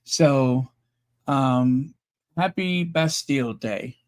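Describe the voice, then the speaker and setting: The male host of a YouTube royal news live stream talks very slowly at medium pitch. He goes through news reports and viewers' comments, following them with sarcastic, chatty commentary peppered with fillers and self-corrections.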